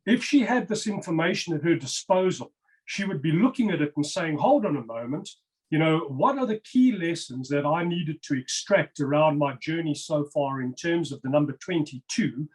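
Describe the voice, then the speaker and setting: A man's voice: on the high side, lively intonation, normal speed, low-quality recording. A man on a video-call interview, explaining number patterns over slides in an emphatic, insistent way and repeating words for stress.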